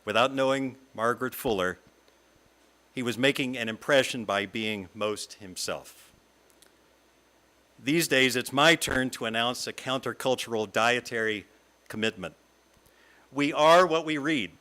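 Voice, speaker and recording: A middle-aged man from the American South, a guest speaker giving a reflective talk read from a script in a lyrical, measured way. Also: mid-range voice, sharp tone. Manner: lyrical, measured reading with long lists. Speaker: guest speaker at a fellowship service.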